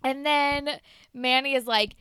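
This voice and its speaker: A woman's voice: high-pitched, slow, noisy background. A young woman co-hosting a podcast, animatedly retelling episode scenes and acting out the lines. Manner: animated retelling with quoted voices and swearing. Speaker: podcast co-host. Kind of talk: casual recap chat.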